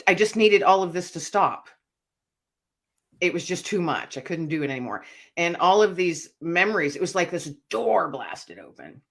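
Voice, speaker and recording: A low-pitched woman, an author and speaker, tells her personal story as a guest in an interview. Her manner is earnest and reflective, and she often goes quiet.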